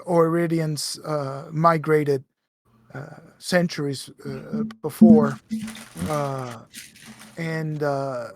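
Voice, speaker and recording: A man running a tabletop game as game master, in a slightly high voice. He narrates slowly with many fillers and restarts. The recording is dry and close. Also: dry recording.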